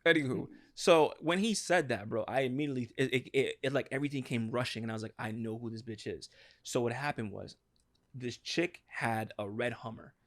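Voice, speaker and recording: On a laid-back podcast, a male co-host with a mid-range voice spins out a lengthy, profane tale at a fairly quick pace. He gets animated and acts out each person's lines.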